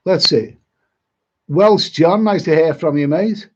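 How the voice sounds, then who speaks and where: A man's voice: on the high side, takes it slowly, darkish tone, slight background noise. A middle-aged man, chatting casually on a live stream as a travel vlogger, rambling and repeating his words. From Liverpool, England. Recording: dull lo-fi stream audio.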